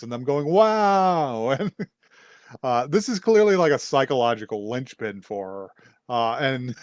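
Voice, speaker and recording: A man's voice: medium pitch, dry recording, studio quality. Laid-back man rambling through a recap. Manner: rambling, swears freely, laughs often. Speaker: podcast co-host. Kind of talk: casual recap chat.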